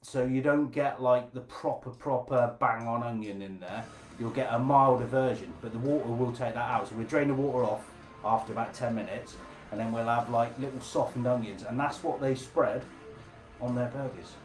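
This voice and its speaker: A man's voice: mid-range voice, normal speed. A man hosting a casual live cooking class, chatty, jokey and informal as he demonstrates.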